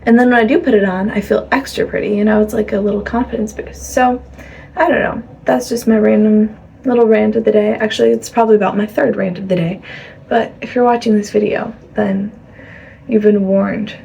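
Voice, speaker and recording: A woman's voice: mid-range voice, fairly even intonation, fairly quick, vocal fry, warm tone, slight background noise. A young woman chatting casually in a rambling, laughing way as she vlogs her day. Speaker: vlogger. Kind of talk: casual vlog chat.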